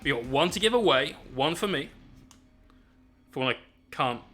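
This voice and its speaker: Male streamer, cheeky and chatty, clear bright tone a touch high, narrates painting steps. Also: lively intonation, normal speed, soft background music. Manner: joking banter with chat; explains painting steps as he works. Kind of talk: casual live-stream chat while painting.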